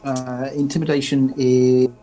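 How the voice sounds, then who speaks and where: A man chatting casually as a player at the table, with lots of fillers. His voice sits at a middling pitch. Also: level tone, a little slow, music in the background.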